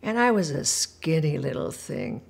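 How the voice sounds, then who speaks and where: Older woman telling lively stories. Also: deep voice, measured pace, gravelly, slightly rough. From Puerto Rico. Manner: animated storyteller, acts out quotes, laughs often. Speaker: interviewee. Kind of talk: documentary interview storytelling.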